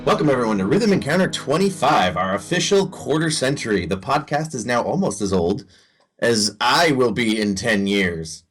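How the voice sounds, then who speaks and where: A man's voice: medium pitch, lively intonation, normal speed, a bit bright, faint music behind. A man hosting a casual podcast chat, rambling and joking with playful self-deprecation. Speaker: podcast host.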